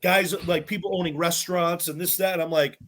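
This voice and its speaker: A young man, a podcast guest telling stories from a cooking show in a bubbly, animated way, acting out other people's lines and swearing freely. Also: sits high, brisk. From Massachusetts, US. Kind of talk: casual storytelling chat.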